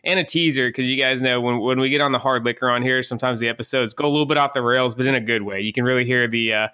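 A man's voice: mid-range voice, fairly even intonation, very fast, bright, forceful tone, clear, resonant tone, no echo, clean studio sound. A man in his thirties hosting a casual podcast, laid-back and storytelling, with a casual swear here and there. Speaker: podcast host.

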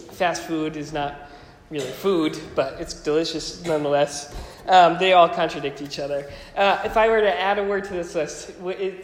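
A man's voice: a little high, echoey room, in a large hall, rough recording. A man preaching a sermon as pastor, casual and conversational, with frequent ums and restarts.

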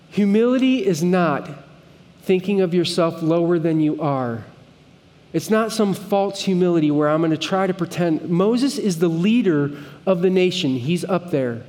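A man's voice: high voice, darkish tone, in a large hall. A man preaching a sermon as pastor, earnest and conversational, with pleading emphasis at times.

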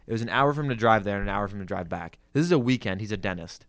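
Young man, from the Philadelphia area, rapid casual podcast talk, clear smooth voice, swears a lot. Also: lowish voice, animated, a bit bright. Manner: ranting, swears freely, lots of "like". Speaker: podcast co-host, car salesman.

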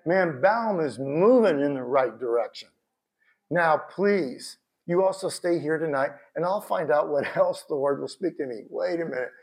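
A man preaching a sermon in a conversational, animated way, with bursts of shouted emphasis. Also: sits high, moderate pace, vocal fry. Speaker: pastor.

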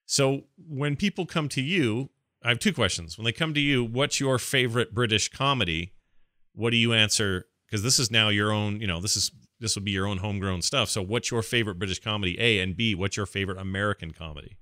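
A man's voice: lowish voice, a little fast, sharp tone, dry recording, studio quality. A man hosting a casual podcast, talking in a playful, rambling way. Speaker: podcast host.

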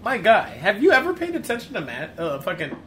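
A man's voice: sits high, huge pitch swings, fairly quick, pushed and bright, slight background noise. A man co-hosting a podcast, riffing crudely and joking over a movie. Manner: crude, joking, breaks into bits. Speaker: podcast co-host.

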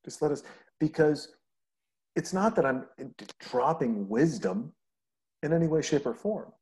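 A man with a mellow, darker voice talks in a loose, rambling way. He tells animated stories and swears freely in casual conversation. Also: on the high side, a little slow. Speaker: podcast host.

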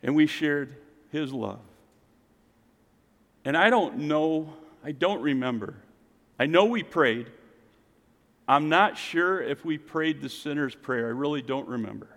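A middle-aged man delivers a storytelling sermon, his voice sitting a little high for a man. He swings between raised, animated lines and soft, hushed asides. His words ring out with a long reverb, as in a large church hall. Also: a little slow, long pauses. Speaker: pastor.

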